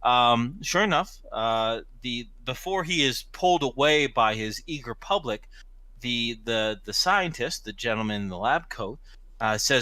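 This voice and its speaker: A man's voice: medium pitch, animated, a little slow, sharp tone, no echo. A man narrating as game master of a tabletop game, rambling with many restarts.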